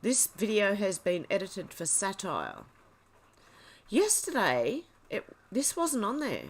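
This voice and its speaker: Woman, livestream host, casual commentary, reads posts aloud, chatty asides, mid-pitched. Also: very animated, slow pace, slightly rough. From Australia. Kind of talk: casual commentary reading social media posts.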